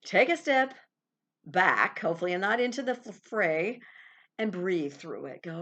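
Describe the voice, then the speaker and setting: A woman's voice: on the low side, animated, a little slow, fairly bright tone. A woman hosting a spiritual self-help podcast, talking casually and with animation, laughing and acting out small quoted exchanges. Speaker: podcast host.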